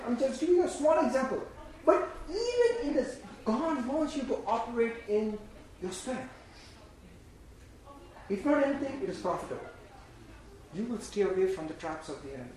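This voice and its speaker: A man preaching a sermon in an emphatic, repetitive way, swinging between loud bursts and hushed lines, and leading the congregation in repeating phrases. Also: very high-pitched, big pitch swings, moderate pace. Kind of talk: sermon with call-and-response. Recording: very echoey room.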